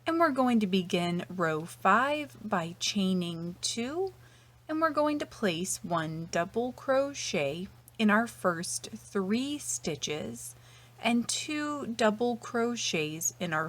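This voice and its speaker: A woman walks through a crochet pattern step by step, speaking at an unhurried, deliberate pace. Her voice sits at an ordinary middle pitch, and her delivery is patient and methodical, often fading softly at the ends of lines. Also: sing-song. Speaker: crochet instructor. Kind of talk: step-by-step tutorial narration.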